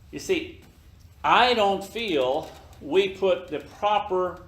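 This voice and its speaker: Slow, emphatic older man in an echoey room. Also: sits high, animated, a bit bright. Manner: slow, emphatic, acts out skits in other voices. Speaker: business leader speaking to his team. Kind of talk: motivational talk to a room. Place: office meeting room.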